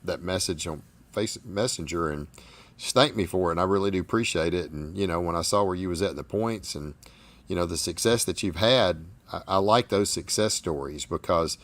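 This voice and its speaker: Man, Southern American accent, very deep voice, folksy rambling host, casual interview. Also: fairly quick, a bit bright. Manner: folksy, rambling, repeats words.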